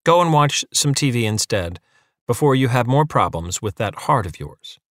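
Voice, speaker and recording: A man's voice: medium pitch, lively intonation, normal speed, no echo, studio quality, lightly acted. A man doing a smug, unruffled council official. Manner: superior, unwavering.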